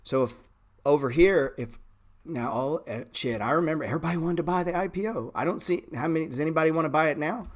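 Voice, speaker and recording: A middle-aged man hosting a stock trading livestream, talking bluntly and sarcastically with swearing, and jumping into animated, louder rants. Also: fast. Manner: animated rants that jump in pitch and volume. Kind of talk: casual livestream chat.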